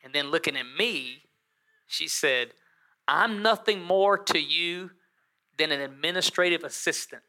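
Bright-voiced pastor joking in a sermon. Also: male voice, fairly high pitch, measured pace. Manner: animated storytelling with joking asides to the congregation.

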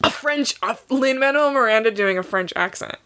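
A woman's voice: on the high side, animated, moderate pace, sharp tone. Chatty laughing woman podcaster. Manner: chatty, laughs often, many "like" fillers. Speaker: podcast co-host. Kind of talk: casual chat about a cartoon.

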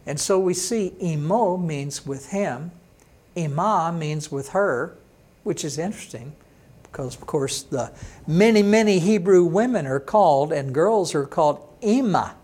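A pastor with a fairly high voice, teaching an online sermon. He talks slowly through each word, spells it out, and answers questions he puts in a listener's mouth. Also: animated, a little mellow.

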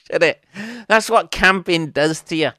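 A man's voice: a little high, takes it slowly, sharp tone, no room sound, studio quality. A man in his forties hosting a podcast, rambling through a sweary, ranting solo monologue. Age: 40s. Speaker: podcast host.

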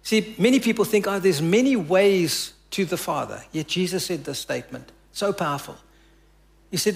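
A man with a fairly high voice delivers a sermon as pastor. He tells the story with rising emphasis, then drops soft and hushed to give the quoted words weight. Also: animated, normal speed, gravelly. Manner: preaching with dramatic drops to soft quoted lines.

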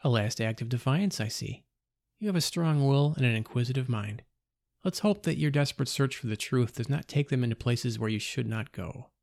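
A man's voice: mid-range voice, normal speed, gravelly, darkish tone, dry recording, clean studio sound, natural voice. A man reading the lines of a seductive, menacing woman vampire in a cold, mocking tone.

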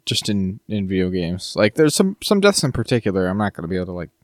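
A man co-hosting a podcast, chatting casually in an animated, rambling way and repeating words as he goes. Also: deep voice, fast, dry recording, clean studio sound. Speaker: podcast co-host. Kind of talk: casual chat.

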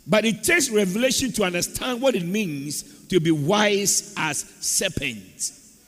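A man's voice: sits high, unhurried, fairly bright tone. A man preaching a sermon as pastor of a church and calling for amens from the congregation. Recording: echoey church hall.

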